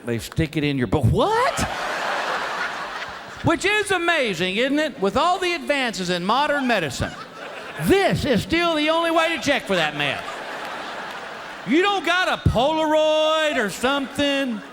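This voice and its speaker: A middle-aged man, telling a stand-up comedy story with animated delivery and acted-out voices, sometimes shouting punchlines. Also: very high-pitched, measured pace. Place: stage before a live audience. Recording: live show with crowd laughter and noise. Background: audience laughter.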